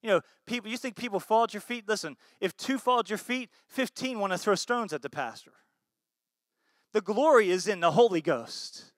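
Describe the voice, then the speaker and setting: An American man preaching a sermon as pastor, swinging between loud emphatic bursts and low soft asides, and often asking the congregation questions. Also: expressive, normal speed, no echo, clean studio sound. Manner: asks the congregation rhetorical questions.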